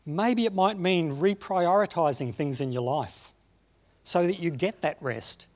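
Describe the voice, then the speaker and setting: A man preaching a sermon, telling stories and slowing down on key phrases. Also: fairly high pitch. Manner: storytelling, slows down for emphasis. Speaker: pastor.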